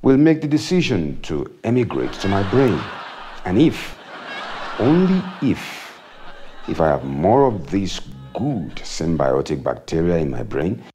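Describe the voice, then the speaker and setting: A man's voice: low voice, sing-song, a little slow, mellow, a little hiss or hum. A man doing a comic monologue in a wry, self-mocking way, often chuckling. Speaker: comedian.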